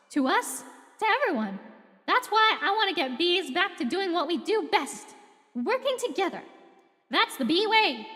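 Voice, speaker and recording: A woman's voice: very high voice, a bit bright, long reverb tail, full character voice. A woman voicing an earnest, idealistic young male bee giving a heartfelt speech in a script reading.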